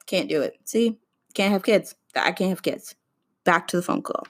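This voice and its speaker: A woman's voice: medium pitch, a little fast. A woman in her twenties hosting a casual solo podcast, chatting and ranting straight to her listeners. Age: 20s. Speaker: podcast host.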